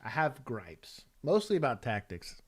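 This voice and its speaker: A man's voice: medium pitch, sing-song, unhurried, husky. A man from Texas, a former police officer, hosting a casual livestream and wryly grading police footage.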